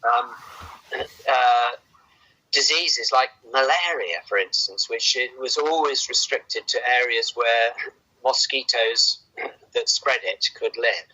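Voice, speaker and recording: A man's voice: medium pitch, slow, pushed and bright, dull audio. A man speaking as a doctor guest, earnest and hesitant, often repeating words. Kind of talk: casual conversation.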